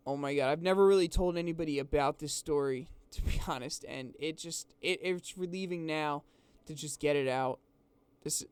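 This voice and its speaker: High-voiced man, rambling and exasperated. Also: clean tone, no echo. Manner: rambling, exasperated, restarts often. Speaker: vlogger. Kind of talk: casual storytelling.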